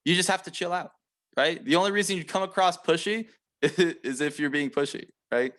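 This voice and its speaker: A man's voice: fairly high pitch, normal speed, fairly bright tone. A man giving a sales training talk to a team of reps, emphatic and repetitive, checking in with "right?" after his points. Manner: emphatic, repeats key points, frequent "right?" tags; calls himself aggressive.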